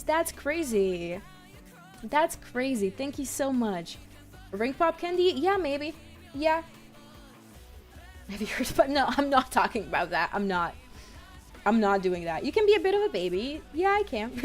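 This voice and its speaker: A woman in her twenties streaming live, chatting casually, excitable and a bit nervous as she greets her viewers. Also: mid-range voice, moderate pace, soft background music. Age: 20s. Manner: excitable, gushing greetings to chat; nervous, self-conscious chatter.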